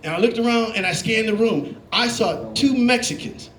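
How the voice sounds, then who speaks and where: A man doing a stand-up comedy set, telling animated stories and acting out the voices of the people in them. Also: sits high, normal speed, slight background noise. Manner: animated storytelling, acting out voices, laughing along. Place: comedy club stage. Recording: roomy club with live audience. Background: audience laughing.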